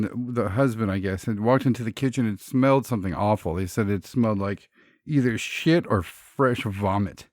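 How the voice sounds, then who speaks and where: A man's voice: medium pitch, no room sound, studio quality. A man co-hosting a podcast, riffing on jokes with a laugh and then recounting a story behind some photos. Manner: laughs a lot, riffs on jokes, narrates photo stories. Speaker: podcast co-host. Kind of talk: casual comedic chat.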